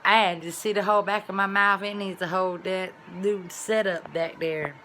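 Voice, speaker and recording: Woman vlogger, bright and forceful, animated casual storyteller. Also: medium pitch, moderate pace, a little hiss or hum. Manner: animated, colloquial storytelling with sudden loud exclamations.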